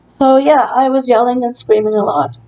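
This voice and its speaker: A woman's voice: a little high, fairly even intonation, normal speed, a little mellow, highs cut off. A woman in her room at a care facility, telling her story in an earnest, aggrieved way with frequent hesitations. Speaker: long-term care resident. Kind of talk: personal testimony vlog.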